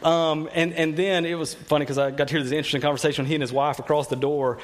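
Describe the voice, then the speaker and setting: Guy preaching, chatty storyteller, kinda high voice. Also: little pitch movement, fast talker. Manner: conversational, storytelling, often repeats words. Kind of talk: sermon with personal stories.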